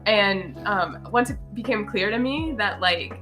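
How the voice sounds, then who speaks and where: A woman's voice: mid-range voice, expressive, measured pace, pushed and bright, faint music behind. A woman co-host in casual chat, eager and emphatic as she explains herself. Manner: eager, emphatic, self-amused.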